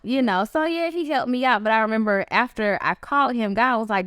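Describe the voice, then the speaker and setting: Animated woman telling her story. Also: normal speed, clean tone, no room sound, studio quality. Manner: animated, acts out quoted voices with big pitch jumps. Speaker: guest author. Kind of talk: casual interview storytelling.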